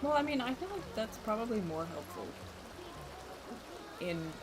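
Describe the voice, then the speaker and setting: A woman's voice: fairly high pitch, sing-song, measured pace. A young woman game streamer chatting casually with her live chat and laughing often between lines. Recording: noisy room ambience.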